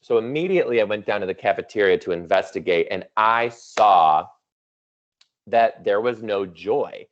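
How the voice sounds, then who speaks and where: A man's voice: on the low side, animated, normal speed, muffled recording. A man in his thirties giving a playful, chatty keynote to teachers over a video call, full of teasing asides. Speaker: keynote speaker. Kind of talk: virtual conference keynote.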